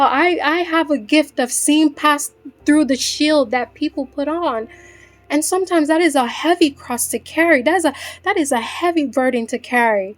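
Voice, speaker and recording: A woman in a faceless vlog giving a heartfelt motivational chat to other women. She talks earnestly, repeats herself for emphasis and speaks of her faith. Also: sits high. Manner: earnest, repetitive, speaks straight to the listener as "ladies"; faith-driven encouraging tone.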